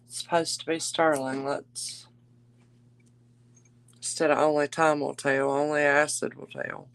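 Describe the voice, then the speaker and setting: A woman's voice: sits low, little pitch movement, moderate pace, vocal fry, low-quality recording. A woman hosting a live jewelry auction stream, chatty and gushing, calling her viewers darling and y'all. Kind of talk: casual live-stream selling chat.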